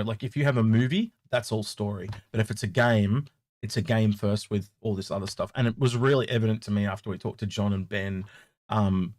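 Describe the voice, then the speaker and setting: Australian co-host for a casual live stream, lower voice, dry close sound. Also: male voice, no echo. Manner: rapid, rambling, frequent ums. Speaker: podcast co-host.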